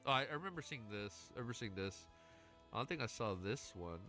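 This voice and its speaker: A man livestreaming, reading a novel aloud and reacting. He is excitable, emotional and swears constantly, with a stuffy nose. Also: medium pitch, fast, soft background music.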